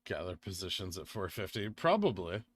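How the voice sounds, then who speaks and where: A man hosting a live trading stream, reading chat aloud and talking casually with lots of fillers, drifting from quiet murmurs to excited bursts. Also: deep voice, normal speed. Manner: rambling, filler-heavy, swings from quiet muttering to excited bursts. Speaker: livestream trading host.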